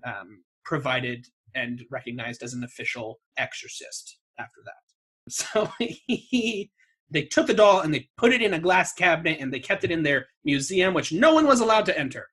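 A man's voice: medium pitch, pushed and bright, breathy edge. A man co-hosting a casual chat show, telling a story in a wry way, swearing freely and laughing at himself. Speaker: podcast co-host.

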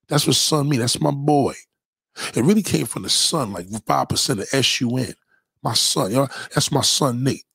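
Middle-aged New York man, husky and dry, swinging pitch, profane slang-heavy monologue. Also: normal speed, no echo. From New York City. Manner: profane, animated, heavy slang, repeats himself. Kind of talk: casual street-talk monologue.

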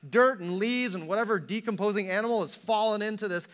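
A man preaching a sermon, telling stories animatedly and acting out the voices of the people in them, then dropping to a hush for emphasis. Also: high voice, fast, clear, resonant tone. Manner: animated storytelling, acts out quotes, drops to a hush for emphasis. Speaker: pastor. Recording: long hall reverb.

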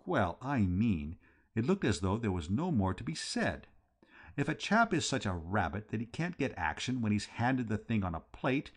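A man reading a comic novel aloud in a wry, lively first-person narration. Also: lowish voice. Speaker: audiobook reader.

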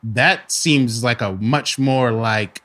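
Bright-voiced man, casual podcast chat. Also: mid-range voice, slow pace. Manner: laughs a lot, retells film scenes. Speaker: podcast co-host.

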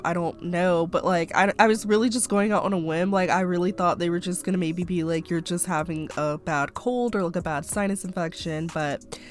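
A young woman hosting her own podcast, rambling casually with lots of fillers while still a bit stuffy-nosed from a cold. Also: mid-range voice. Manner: rambling, chatty, many fillers like "um" and "like". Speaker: podcast host. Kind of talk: casual personal podcast monologue.

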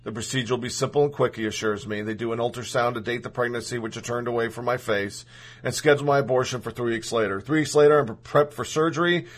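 A man's voice: mid-range voice, quick pace. A man reading a personal story aloud in the first person, earnest and emotional.

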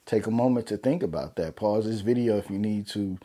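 Mellow-voiced man giving heartfelt advice. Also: fairly low pitch, fairly quick. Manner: loose, heartfelt, slangy, many fillers like "man". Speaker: vlogger. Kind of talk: casual motivational talk to camera.

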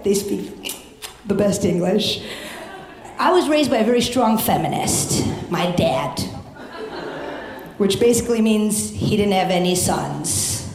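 Brash young woman doing stand-up. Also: medium pitch. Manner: brash, profane and quick to shout punchlines. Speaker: stand-up comedian. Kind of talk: stand-up comedy set. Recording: echoey live club.

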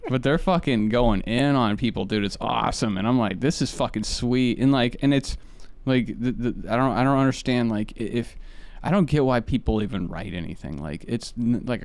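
A man's voice: mid-range voice, expressive, fairly quick, a little mellow, no echo. A man hosting a podcast, telling rambling, profane stories in casual chat. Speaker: podcast host.

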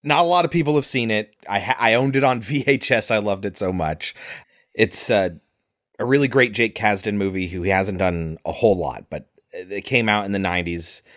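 A man's voice: lowish voice, moderate pace, a bit bright, no echo, clean studio sound. A man co-hosting a podcast, chatting casually and analytically about a film. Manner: chatty, analytical, acts out quotes. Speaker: podcast co-host.

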